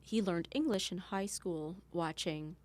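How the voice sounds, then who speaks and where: Canadian lady cop on a podcast, lowish voice, plain earnest talk. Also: measured pace, a little mellow. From Ontario, Canada. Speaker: guest, police officer. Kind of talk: casual interview chat.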